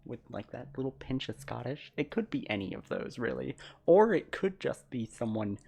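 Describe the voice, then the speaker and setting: A woman's voice: very deep voice, sing-song, normal speed, vocal fry, warm tone, husky. A woman streamer reading game text aloud during a live reaction, joking and laughing often.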